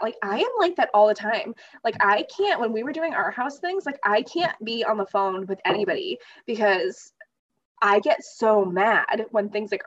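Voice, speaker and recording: A woman hosting a casual podcast chat, animated and self-deprecating, laughing often. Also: mid-range voice, muffled recording.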